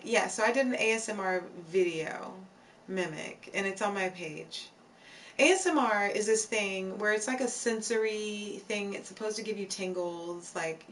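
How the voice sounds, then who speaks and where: A woman's voice: medium pitch, distant mic, slight background noise. A woman hosting a live stream, chatting casually with viewers in a playful, giggly way, reading their comments aloud and repeating phrases for emphasis.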